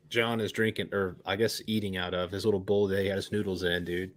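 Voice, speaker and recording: A man with a fairly low voice co-hosts a movie watch-party stream. He talks loosely and casually, sprinkling "dude" and "man" through his lines and swearing without a second thought. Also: level tone, fairly quick. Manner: laid-back, swears casually, says "dude" and "man" a lot. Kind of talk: casual chat over a movie.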